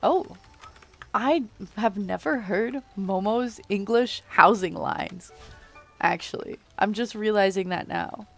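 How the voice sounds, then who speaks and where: A woman streamer chatting casually with viewers in a raspy morning voice, rambling with lots of fillers and restarts. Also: mid-range voice, takes it slowly, faint music behind. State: groggy morning voice, just woke up. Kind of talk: casual livestream chat with viewers.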